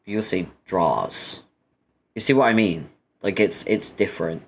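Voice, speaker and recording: A man's voice: fairly low pitch, fairly quick. A British man chatting casually and teasing his audience with profane banter between readings. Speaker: webcomic reader and streamer. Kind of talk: casual chat.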